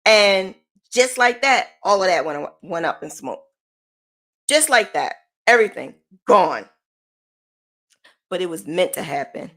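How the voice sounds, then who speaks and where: A woman giving a candid motivational talk to camera as a business mentor, speaking in an emphatic, conversational way with lively swings in pitch. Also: measured pace, long pauses. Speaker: small business owner and mentor.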